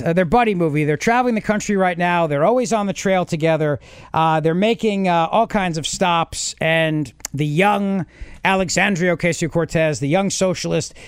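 A man's voice: high-pitched, no room sound. A man hosting a morning talk radio show, giving sarcastic, mocking commentary and bantering with his co-host.

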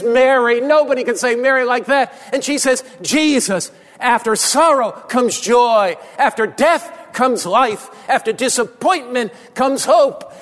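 A man preaching a sermon as pastor, with impassioned repetition and drops to a low, soft voice for emphasis. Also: long reverb tail.

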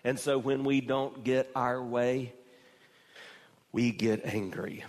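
A man preaching a sermon as pastor, moving from slow, quiet phrasing to raised, emphatic delivery. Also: mid-range voice, fairly even intonation, in a large hall.

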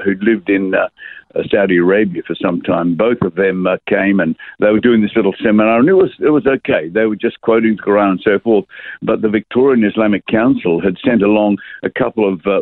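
An older man, an author and pastor, giving measured interview answers with frequent fillers. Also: lowish voice, no room sound. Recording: tinny phone-line sound.

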